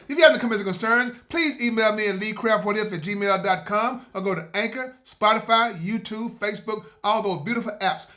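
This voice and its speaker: Bright-voiced older storyteller man. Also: high-pitched. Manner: preacherly, exclaiming, slipping into character voices. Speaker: podcast host and storyteller. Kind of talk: comic tall-tale storytelling.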